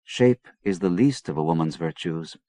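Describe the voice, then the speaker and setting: A man reading an audiobook, voicing a bold, quick-witted young British woman who is poised and inquiring. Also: sits low, lively intonation, warm tone, dry recording. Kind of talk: audiobook character voice.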